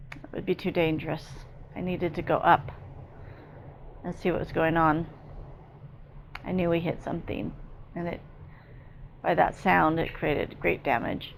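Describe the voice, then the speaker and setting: A woman psychic medium giving an emotional, halting first-person channeling narration, repeating herself as she speaks. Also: sits low, gravelly, slight background noise.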